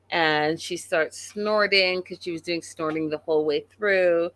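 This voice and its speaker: A woman's voice: on the low side, fairly even intonation, unhurried, hardly any pauses, fairly bright tone, no room sound. Sassy woman recapping a reality show. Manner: sassy, blunt, mocking commentary. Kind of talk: casual live-stream recap.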